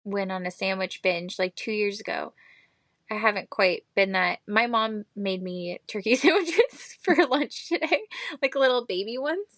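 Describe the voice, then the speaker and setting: A woman in her thirties co-hosting a podcast, easygoing and quick with dry quips. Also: medium pitch, expressive, fairly bright tone, no echo. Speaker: podcast co-host. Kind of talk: casual podcast chat.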